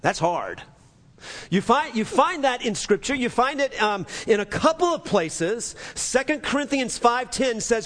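High-voiced preacher in a reverberant hall. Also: male voice, very animated, measured pace, a bit bright. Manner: earnest, repetitive preaching with many restarts. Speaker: pastor. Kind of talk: sermon.

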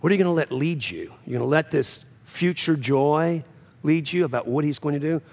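A man preaching a sermon, swinging between loud, high climaxes and low, quiet drops, repeating phrases for emphasis. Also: animated, a little fast. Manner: preaching with sudden rises and drops in pitch and loudness, repeating phrases. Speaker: pastor.

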